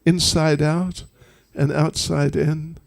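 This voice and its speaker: A man tells a devotional story slowly and unhurriedly, his fairly high voice carrying a gravelly, creaky grain. He speaks as a spiritual teacher, tossing humorous, chatty asides to his listeners. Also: little pitch movement.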